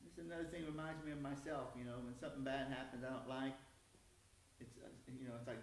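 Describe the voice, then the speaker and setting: Folksy preacher in an echoey hall. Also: male voice, medium pitch, steady tone, fast talker, a little hiss or hum. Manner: conversational, folksy, self-deprecating humor. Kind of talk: sermon. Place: church sanctuary. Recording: echoey church hall from far off.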